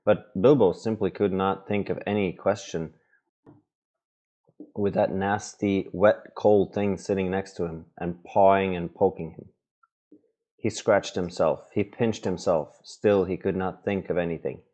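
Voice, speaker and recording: Very deep, slow reader. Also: male voice, fairly even intonation. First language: Norwegian. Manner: gentle, patient reading with small asides. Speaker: parent reading to his children. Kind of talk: storybook read-aloud.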